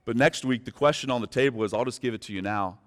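Male pastor preaching in a reverberant hall. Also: mid-range voice. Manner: swings from quiet and slow to loud and fervent; direct, pleading with listeners. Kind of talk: sermon. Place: church sanctuary.

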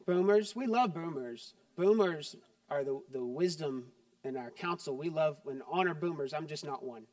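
A middle-aged male pastor with a high voice delivers a sermon in a chatty, joking way that turns quiet and earnest. The sound is dry, picked up from a mic set some distance away. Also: normal speed, no echo.

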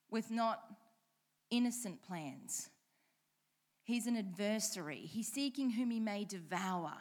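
A woman preaching a sermon, reading scripture aloud and repeating key lines with changing emphasis, asking the congregation direct questions. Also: medium pitch.

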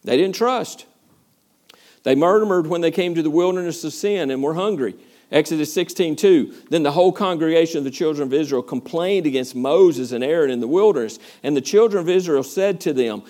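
A man's voice: on the high side, fairly quick. A man teaching a verse-by-verse Bible study as a pastor, preaching with energy, acting out voices and questioning his listeners. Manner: animated preaching, acts out complaining voices, asks the listeners questions.

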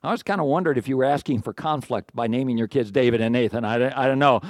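A man's voice: mid-range voice, fast, dry recording, studio quality. A middle-aged man preaching a sermon to his congregation in a conversational way, with asides, jokes at his own expense and questions to the room. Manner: conversational, self-deprecating humor, rhetorical questions to congregation. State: out of breath. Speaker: pastor.

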